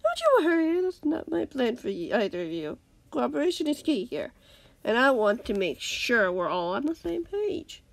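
Cold villain captor, calm menace, read by a woman with lively pitch and a gravelly edge. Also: normal speed, exaggerated voice. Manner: calm, menacing, sometimes whispered.

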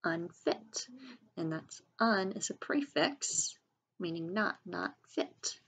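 A woman's voice: lowish voice, expressive, a bit bright, slight background noise. A woman teacher leading a reading lesson for children, sounding out words syllable by syllable and spelling them letter by letter. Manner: slow, clear enunciation, sounding out syllables and letters.

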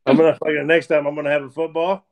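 A man's voice: fairly high pitch, little pitch movement, very fast. A man hosting a casual beer podcast, laid-back and joking, laughing a lot and swearing freely. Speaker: podcast host. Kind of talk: casual chat over beers.

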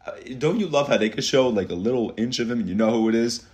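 A man hosting an anime reaction, talking casually and excitably, swearing often and breaking into shouts. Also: mid-range voice, quick pace. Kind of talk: live reaction commentary. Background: anime soundtrack and dialogue playing.

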